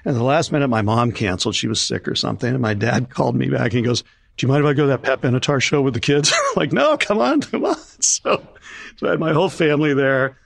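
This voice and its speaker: Telling stories during an interview, this older man, a concert promoter, mimics the voices of those he quotes. His voice is mid-range and gravelly, he speaks quickly, and the recording is dry.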